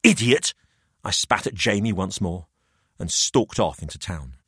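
A man narrating a macabre tale in the first person, expressive and dramatic. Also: deep voice, moderate pace. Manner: expressive, rising to frantic shouts in dialogue.

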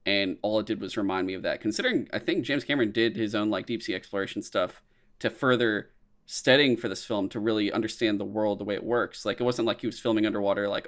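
A man's voice: fairly low pitch, quick pace, fairly bright tone. A young man in casual conversation about movies, laid-back, swearing freely and laughing often. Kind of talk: casual movie review chat.

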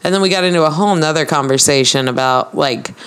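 A woman's voice: low voice, quick pace, clear, resonant tone. Chatty woman retelling a doctor visit. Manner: chatty storyteller acting out quoted dialogue. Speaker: podcast co-host. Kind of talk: casual chat, storytelling.

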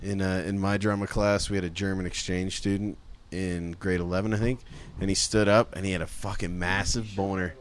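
A man's voice: low-pitched, little pitch movement, brisk, a little hiss or hum. A man on a podcast telling rambling, crude stories in casual banter and swearing a lot. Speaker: podcast guest.

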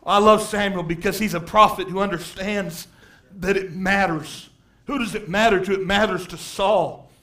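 A man preaching an impassioned sermon, swinging between hushed asides and shouted emphasis and repeating phrases to drive points home. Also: high-pitched, fairly even intonation, moderate pace.

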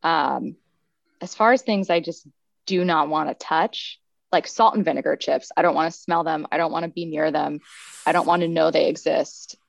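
Woman, young adult, podcast guest, gravelly, dry close sound, chatty. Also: low voice, normal speed, no room sound. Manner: chatty, self-deprecating, many fillers. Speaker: sports radio guest. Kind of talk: casual podcast chat. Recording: dull, slightly muffled sound.

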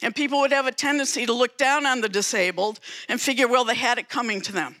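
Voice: mid-range voice, fast, sharp tone. A preacher giving a sermon, retelling a story dramatically with emphatic repetition.

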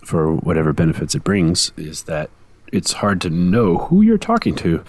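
A man's voice: deep voice, wildly swooping pitch, normal speed. A man co-hosting a podcast, griping in a playful, cranky way during casual chat. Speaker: podcast co-host.

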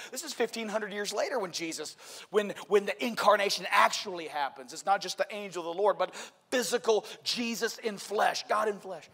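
A man preaching a sermon with passion and shouted emphasis, recorded in a church sanctuary. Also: sits high, a little fast, husky. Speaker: pastor. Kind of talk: Easter sermon. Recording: long reverb of a church hall.

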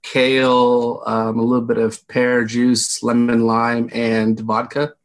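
A man's voice: medium pitch, monotone, takes it slowly. A man co-hosting a casual podcast, with a dry, self-deprecating manner. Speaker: podcast co-host. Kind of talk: casual chat.

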